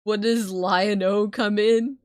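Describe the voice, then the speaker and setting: A woman streamer, not a native English speaker, talks casually to her chat with frequent laughs and swearing. Her voice sits in a middle pitch, recorded close and dry with little room sound. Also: fairly even intonation, slow pace, dry recording. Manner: loose, swearing, laughs often. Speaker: streamer reading a book aloud.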